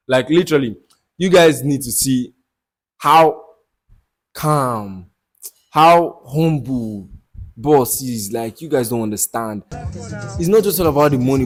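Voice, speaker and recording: Male vlogger, young, excitable, fairly high pitch, casual recap. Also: poor audio. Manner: excited, laughs often, slangy.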